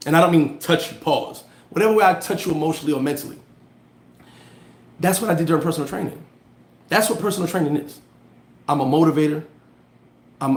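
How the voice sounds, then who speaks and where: A fairly high-voiced man talks straight to his viewers in a casual motivational livestream. He tells stories with lively, slangy energy and stops to answer comments. The sound is roomy and echoey. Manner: animated storytelling with street slang. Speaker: livestream host giving motivational talk. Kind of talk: casual motivational live chat.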